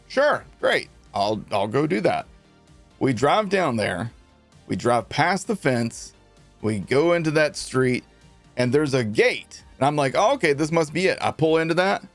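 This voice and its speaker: A man's voice: mid-range voice, creaky. A man streaming a game, casually telling his chat a long story, laughing and acting out what people said. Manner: animated, laughing, acts out quotes.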